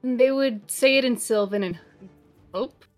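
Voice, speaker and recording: A woman playing a tabletop game, playful and prone to thinking out loud. Her voice sits a bit high. Faint music plays behind her. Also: unhurried. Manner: playful, laughing, thinking aloud. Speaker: player. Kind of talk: casual tabletop play.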